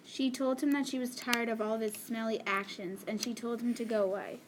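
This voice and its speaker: A woman's voice: on the high side, fairly even intonation, a little fast. A woman reading a story aloud as one of several narrators, plain and careful. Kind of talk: group read-aloud narration. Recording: clear background noise.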